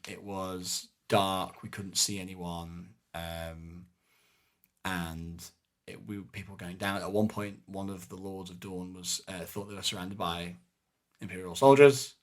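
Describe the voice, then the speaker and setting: Casting: deep-voiced guy, podcast co-host, loose rambling recap with lots of ums. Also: takes it slowly. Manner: rambling, many fillers, animated retelling. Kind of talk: casual chat recapping a live-action game event.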